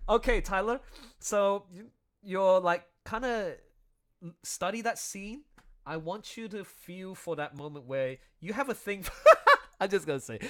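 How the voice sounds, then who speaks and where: A chatty, excitable man talking casually on a livestream, his fairly high voice jumping up and down in pitch. He talks through scenes with open enthusiasm and laughs often. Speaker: creator commenting on his audio drama.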